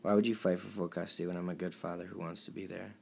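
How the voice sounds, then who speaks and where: A young man with a very deep voice and a gravelly rasp reads his text messages aloud. He sounds emotional and pleading, and his voice drops low and quiet at times. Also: little pitch movement, fast talker. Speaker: vlogger. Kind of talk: reading out text messages to camera.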